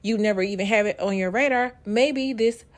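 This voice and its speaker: Talking a little fast in a mid-range voice, a woman hosts a casual travel vlog shot on a handheld camera at a wildlife park outdoors. Her style is chatty, with jokes and teasing banter.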